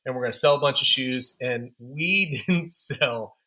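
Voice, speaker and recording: A man's voice: mid-range voice, measured pace, bright, forceful tone. A man guest on a podcast interview, telling candid, self-deprecating stories about building his running store business.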